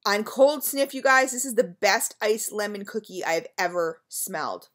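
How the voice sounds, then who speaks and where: A woman's voice: medium pitch, moderate pace, a bit bright. Chatty woman gushing over wax melts. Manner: chatty and gushing, addresses viewers as you guys, frequent ums. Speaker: wax melt reviewer. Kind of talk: casual product review vlog.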